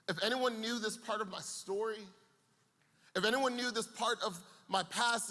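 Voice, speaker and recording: A man's voice: fairly high pitch, bright, forceful tone. A young man preaching to a youth camp, telling a comic story with playful asides before turning serious. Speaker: camp speaker. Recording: long hall reverb.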